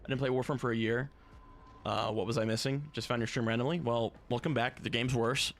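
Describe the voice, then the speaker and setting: A man's voice: mid-range voice, steady tone, a little fast, creaky. A man streaming a game, chatting casually with viewers in a joking, profane, offhand way. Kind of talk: casual live-stream chat.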